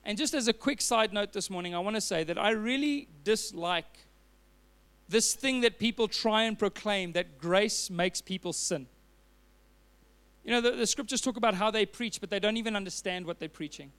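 A man's voice: high voice, moderate pace, fairly bright tone, clear, resonant tone. A man preaching a sermon as a pastor, telling a personal story with earnest fillers and restarts.

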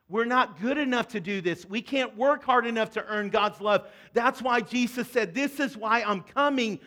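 Earnest high-voiced male pastor preaching. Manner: earnest, addresses congregation directly, drops softer on emotional points. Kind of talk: sermon.

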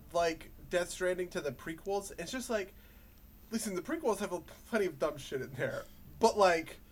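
Young man chatting casually about games. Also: sits high. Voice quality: relaxed, filler-heavy, laughs along. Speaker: podcast co-host.

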